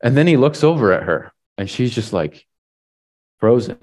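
A man's voice: medium pitch, very animated, moderate pace, darkish tone. A man preaching a sermon, retelling a story in a casual way with lots of "like" and "right?". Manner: casual, filler-heavy retelling with frequent "like" and "right?".

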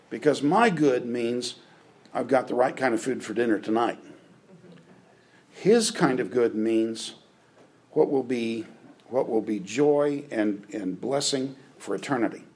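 Husky-voiced man preaching a sermon. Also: mid-range voice, darkish tone, poor audio. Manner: conversational, checks in with listeners. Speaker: pastor.

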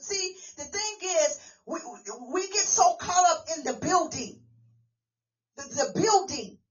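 A woman apostle giving an informal, animated sermon, often asking the congregation "what?" to finish her lines. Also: extremely high pitch, recorded from a distance, lo-fi sound. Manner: call-and-response questions, animated storytelling. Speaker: apostle preaching.

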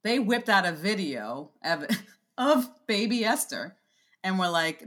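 A woman's voice: mid-range voice, very animated, a little slow, a bit bright. A woman co-hosting a podcast in casual chat, telling stories in a wry way and laughing as she talks. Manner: wry, storytelling, laughs while talking. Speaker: podcast co-host.

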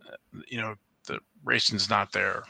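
A man's voice: fairly low pitch, fairly even intonation, measured pace, gravelly, bright, forceful tone, slightly rough, dry recording. A man in casual chat, rambling with many fillers and acting out what others said. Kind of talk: casual chat about trading cards.

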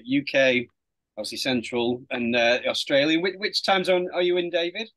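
A man's voice: mid-range voice, steady tone, normal speed, fairly bright tone, no echo. A man co-hosting a podcast in casual chat, eager and stumbling over his words, on a video call. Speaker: co-host.

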